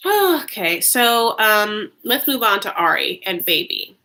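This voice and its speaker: A woman recaps reality TV in a casual vlog. Her voice is bright and forceful. She talks in a chatty, animated way and leans on "like" constantly. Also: medium pitch, slow pace. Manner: chatty, heavy use of "like", animated asides.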